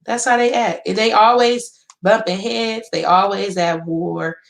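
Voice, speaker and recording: A woman in her thirties with a Northern California accent, ranting casually to her viewers in a loud, profane, animated way. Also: medium pitch, measured pace, vocal fry. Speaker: vlogger.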